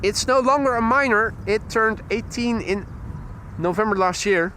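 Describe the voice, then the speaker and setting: A Dutch man with a fairly high voice hosts a live plane-spotting stream from beside a runway. He calls out each arriving flight in a steady, informative way. Faint outdoor noise sits behind him. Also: normal speed. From Netherlands. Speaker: plane-spotting livestream host. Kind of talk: live aviation commentary. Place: outdoors next to an airport runway.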